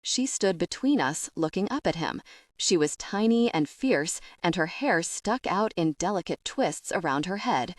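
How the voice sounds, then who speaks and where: A woman narrating a first-person audiobook in a measured, expressive way. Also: lowish voice, no echo, clean studio sound.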